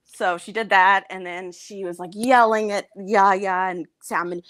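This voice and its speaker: A woman's voice: mid-range voice, steady tone, normal speed, hardly any pauses, fairly bright tone, dry recording, clean studio sound. A woman in casual chat, telling a gossipy story with lots of laughter and acted-out quotes.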